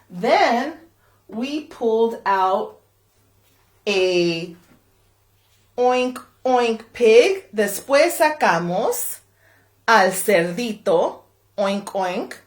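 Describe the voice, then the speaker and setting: A woman from the library reading a picture book aloud to children, switching between English and Spanish line by line in an animated way. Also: a little high. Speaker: library storyteller. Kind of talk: bilingual children's read-aloud. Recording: echoey room.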